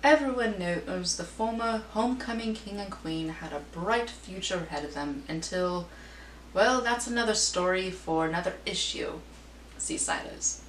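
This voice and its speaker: A woman with a lowish, expressive voice, speaking at normal speed, lightly acts the part of a gossipy female society columnist. She uses a put-on British-style accent and an arch, theatrical, gossipy delivery, captured on a distant mic with roomy echo and a faint hum.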